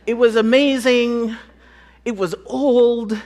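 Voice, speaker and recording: A woman's voice: on the high side, steady tone, takes it slowly, darkish tone. A woman from the United States giving a storytelling conference talk, acting out bits of dialogue and laughing often. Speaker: conference speaker.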